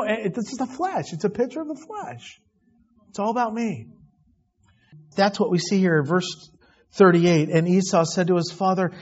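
Male pastor, sermon, reads scripture then comments, slightly high voice, muffled lo-fi sound. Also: animated, a little slow. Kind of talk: expository sermon.

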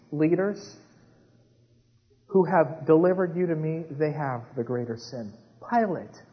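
A man preaching a sermon with dramatic swings between hushed retellings and rising intensity. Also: a little high. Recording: dull sound with long hall reverb.

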